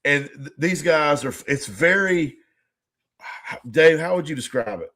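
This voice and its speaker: A man's voice: fairly high pitch, expressive, a bit bright. Rambling, swearing podcast co-host man. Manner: rambling, halting, swears freely. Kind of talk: casual chat.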